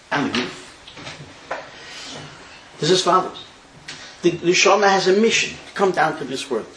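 A man teaching a Talmud class, telling the story in an animated way and mixing in Hebrew terms. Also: sits high, a little hiss or hum. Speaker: Torah teacher. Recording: echoey room.

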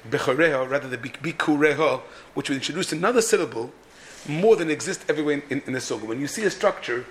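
Male Torah teacher, halting, repeats himself, slightly high voice. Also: a little hiss or hum. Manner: halting, many restarts and repeated words. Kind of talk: explaining a Hebrew poem's meter.

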